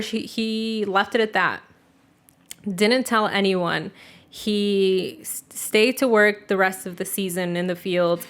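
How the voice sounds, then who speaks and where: A woman's voice: mid-range voice, a bit bright. A young woman co-hosting a podcast, telling a family story in a loose, casual way, full of 'like' and swearing. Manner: loose and profane, heavy use of 'like'. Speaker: podcast co-host.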